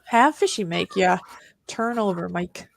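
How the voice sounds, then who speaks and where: A woman's voice: fairly low pitch, unhurried, gravelly, no room sound. A woman co-hosting a live stream, reacting briefly, laughing and reading out comments from the chat.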